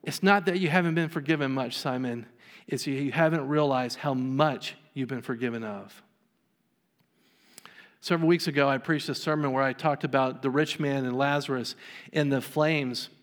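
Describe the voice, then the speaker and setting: A man's voice: medium pitch, normal speed, long reverb tail. A man preaching a sermon in a church, telling a story and acting out the people in it. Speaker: pastor.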